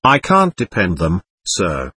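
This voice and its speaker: A man reading the part of a sly, servile manservant who talks deliberately and with affected politeness. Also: low voice, wildly swooping pitch, sharp tone, slightly rough, voice pushed down, exaggerated voice. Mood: complaining.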